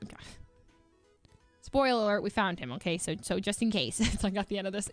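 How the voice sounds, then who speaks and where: A woman's voice: medium pitch, animated, normal speed, long pauses, soft background music. A young adult woman streamer telling a story in a casual, rambling way, full of filler words and laughing asides.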